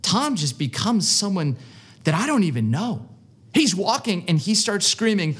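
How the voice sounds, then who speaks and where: A man's voice: high-pitched, big pitch swings, fairly quick, slightly rough. A man preaching a sermon, telling stories earnestly and repeating words for emphasis. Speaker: pastor.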